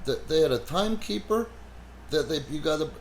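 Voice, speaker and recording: A man's voice: fairly high pitch, a little fast, a little hiss or hum. Brash, profane man telling stories. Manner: animated, swears heavily, frequent "you know". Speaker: wrestling promoter and podcast host. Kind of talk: casual profane podcast storytelling.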